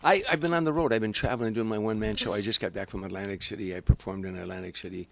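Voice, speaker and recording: An older man, a stand-up comedian, telling animated anecdotes as a guest in an interview. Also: fairly low pitch, very fast, creaky, a crowd in the background. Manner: animated storyteller, acts out quoted voices.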